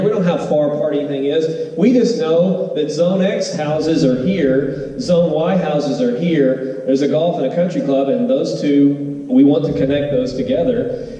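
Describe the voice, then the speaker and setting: A man teaching an exam review to a room of students, animated, with sing-song emphasis and questions thrown to the audience. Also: fairly high pitch. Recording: roomy hall, voice from far off.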